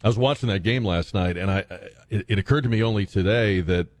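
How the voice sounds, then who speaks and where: A man hosting a radio talk show, talking in a halting, searching way with many fillers and restarts. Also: on the low side, slight background noise. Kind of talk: casual radio chat.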